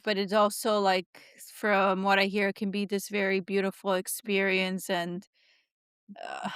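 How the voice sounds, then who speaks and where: A woman hosting a podcast, talking in a soft, reflective, rambling way with many fillers. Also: mid-range voice, smooth, dry recording, studio quality. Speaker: podcast host. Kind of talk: casual heartfelt conversation.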